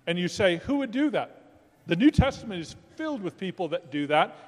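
A man preaching a sermon as pastor, emphatic and rising, often calling out to the congregation. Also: sits high. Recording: long hall reverb.

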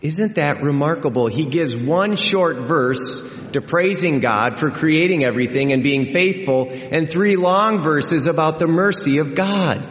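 A man preaching a sermon as a pastor, speaking earnestly and emphatically, repeating key phrases for weight. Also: on the high side. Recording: echoey hall with long reverb.

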